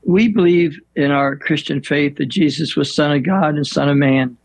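An older man, a priest, telling stories in an unhurried, reflective way with many pauses and fillers. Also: fairly high pitch, gravelly, no echo, low-quality recording. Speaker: priest guest. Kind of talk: storytelling in an interview.

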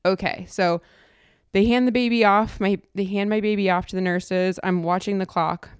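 A woman's voice: medium pitch, steady tone, moderate pace, clear, resonant tone, no echo, studio quality. A young woman telling her birth story in a casual, emotional way, full of fillers and restarts. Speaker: podcast host. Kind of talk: personal storytelling.

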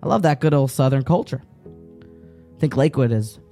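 A man's voice: mid-range voice, normal speed, warm tone, soft background music. A man from Virginia giving a folksy, storytelling Torah talk and speaking straight to his listeners. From Virginia, American South. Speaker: Torah teacher.

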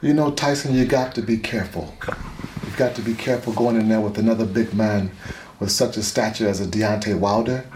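A man doing an impression of a famous retired heavyweight boxer, giving slow, measured advice. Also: lowish voice, fairly even intonation, darkish tone, lightly acted. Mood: calm advice. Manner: measured, advising, slow repeated phrases. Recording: echoey room with faint noise.

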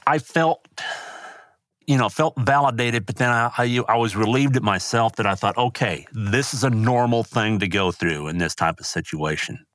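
Grieving older man, low dry voice. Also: fairly bright tone, dry recording. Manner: halting, grief-stricken, voice rising when angry. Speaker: guest. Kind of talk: emotional interview talk.

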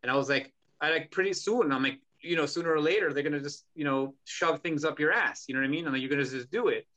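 A man's voice: fairly high pitch, quick pace, pushed and bright, poor audio. A man hosting a podcast who rants in heated, emphatic talk and swears a lot. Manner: profane, ranting, emphatic. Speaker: podcast host.

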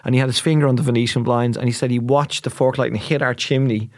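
A man in his forties with an Irish accent, a comedian telling an animated story in casual chat and acting out the voices. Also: medium pitch, quick pace, no echo, clean studio sound. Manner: animated storyteller, acts out voices, laughs a lot. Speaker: podcast guest, comedian.

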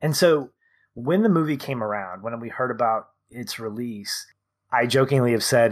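A man's voice: mid-range voice, moderate pace. A man in his thirties co-hosting a podcast, chatting casually and enthusiastically, rambling and correcting himself as he goes. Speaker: podcast co-host. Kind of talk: casual conversational review.

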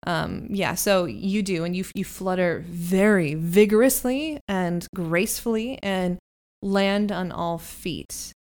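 A woman running a tabletop game as game master, with chatty, halting narration. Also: fairly low pitch, a little mellow.

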